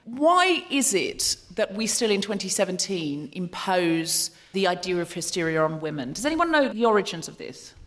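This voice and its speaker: A woman's voice: mid-range voice, big pitch swings, normal speed, hardly any pauses. A woman from Australia hosting a live comedy podcast, laughing and bantering with the audience. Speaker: podcast host. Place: old courtroom venue before a live audience. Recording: live hall with audience noise.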